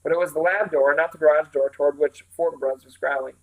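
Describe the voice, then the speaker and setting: A man reading a novel aloud, his voice pitched a little high. He tells the story at a steady, even pace. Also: fast talker, hardly any pauses, low-quality recording. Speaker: reader.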